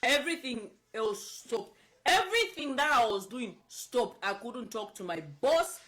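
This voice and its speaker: Animated, emotional woman commentator. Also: on the high side, a little slow, poor audio. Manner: emotional, insistent, repeats herself. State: upset, near tears. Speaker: political advocate.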